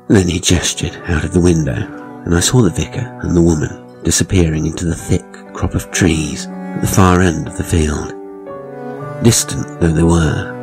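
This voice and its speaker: A man narrating his own horror story in a measured, dryly ironic way. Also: low-pitched, poor audio. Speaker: author and narrator.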